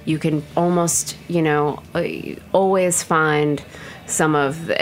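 A woman with a low voice chats easily about the beer she pours at her bar, leaning on small fillers as she thinks. The recording carries a faint hum of room noise. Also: level tone, takes it slowly. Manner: chatty, lots of fillers. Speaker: bar owner and beer buyer. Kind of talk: casual chat.

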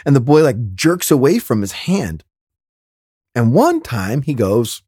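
A man hosting a podcast, telling a comedic story in an exasperated, animated way with laughing asides. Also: mid-range voice, unhurried, dry recording, clean studio sound. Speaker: podcast host.

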